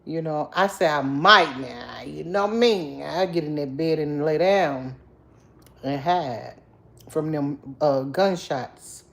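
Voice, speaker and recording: A tired woman with a low, creaky, slightly bright voice hosts a casual livestream. Old enough to have a grown daughter, she greets viewers by name, singing out each hello in a drawn-out, playful, sing-song way.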